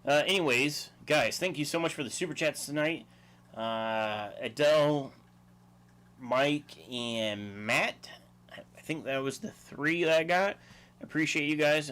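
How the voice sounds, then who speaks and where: A man's voice: mid-range voice, fairly bright tone. Chuckling man chatting on a livestream. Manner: rambling, chuckling, reads chat aloud. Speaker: livestream host. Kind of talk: casual livestream chat.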